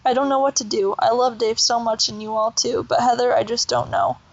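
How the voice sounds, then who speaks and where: A woman voicing a tired, sad mother who speaks softly and pleads. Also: a little high, brisk, vocal fry, muffled recording. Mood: soft pleading. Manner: soft, pleading.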